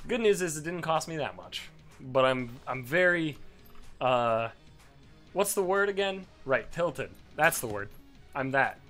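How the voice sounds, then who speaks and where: A man giving casual, profane let's play commentary as a gaming host, swinging into loud frustrated rants. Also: a little high, animated, a little slow. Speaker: gaming YouTuber. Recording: game music behind the voice. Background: game music.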